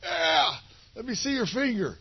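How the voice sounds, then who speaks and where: A man acting out a brash, tough male military officer in a gruff, mocking way. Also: extremely high pitch, big pitch swings, a little slow, muffled recording, voice pushed up, exaggerated voice.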